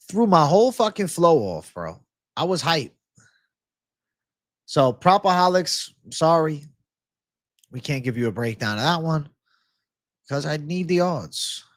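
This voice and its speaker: Man, MMA betting stream host, slow drawl, profane, frustrated rants to chat, dry close sound. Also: on the high side, very animated, a bit bright, dry recording. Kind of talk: live-stream prop picks talk.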